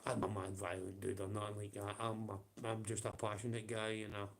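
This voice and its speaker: A man's voice: on the low side, monotone, a little fast, vocal fry. A man with a Scottish accent ranting on a livestream, profane and confrontational, with blunt taunts.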